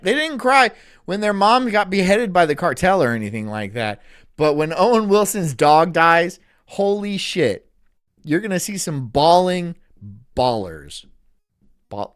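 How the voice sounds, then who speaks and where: A man's voice: on the high side, a bit bright, no echo, clean studio sound. A man live streaming, rambling crudely with frequent swearing and laughter. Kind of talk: casual live-stream chat.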